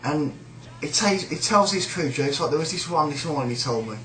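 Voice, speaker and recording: A man's voice: fairly high pitch, expressive, brisk, bright, forceful tone, roomy sound, rough recording. A man with a British accent ranting in a sneering, rambling, sweary way about a coworker. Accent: British English. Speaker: shop worker. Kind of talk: casual rant.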